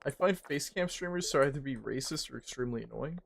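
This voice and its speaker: A male streamer talks in a casual, rambling way and swears freely as he jokes. His voice has a gravelly fry at mid pitch, with a faint hiss of noise under it. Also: quick pace. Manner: profane, rambling, joking. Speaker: livestreamer.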